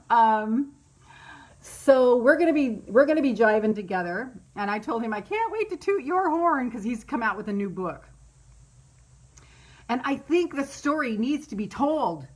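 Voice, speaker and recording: A middle-aged woman hosting a casual live stream, candid and rambling, who laughs often and swears freely. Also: mid-range voice. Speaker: meditation host on a live stream.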